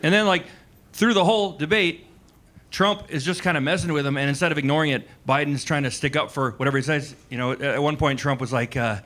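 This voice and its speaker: A forty-something stand-up comic delivers a loose, chatty routine on a comedy club stage before a live crowd, leaning on "likes" and asides. He's a fast talker with a fairly high pitch, a steady tone and a fairly bright quality.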